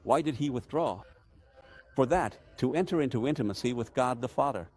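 A parish priest speaks to his people in a voice of ordinary male pitch. He is earnest and emphatic, and he often poses questions and then answers them himself. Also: lively intonation, fairly quick, a little mellow. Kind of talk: teaching talk to parishioners.

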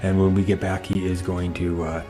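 Male talk show host, very deep voice, measured explanatory delivery, faint music bed. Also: little pitch movement, dark tone. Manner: measured, explanatory, addresses viewers.

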